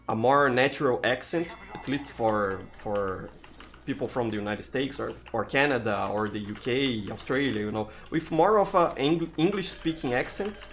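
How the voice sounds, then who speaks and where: Brazilian man streaming a game. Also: medium pitch. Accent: Brazilian Portuguese. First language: Portuguese. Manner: chatty, talks to viewers while playing, frequent "you know" and restarts. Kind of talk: live gameplay commentary.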